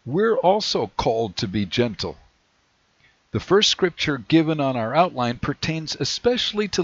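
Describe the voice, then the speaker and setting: A man preaching a sermon in a measured way, slowing down whenever he reads scripture aloud. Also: fairly high pitch, fairly bright tone. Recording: dry, dull lo-fi recording.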